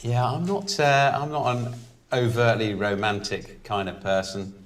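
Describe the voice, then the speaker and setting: A man's voice: mid-range voice, fairly even intonation, unhurried, background noise. A British man on a cooking show, dry and dismissive as he talks. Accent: British English. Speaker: show contestant.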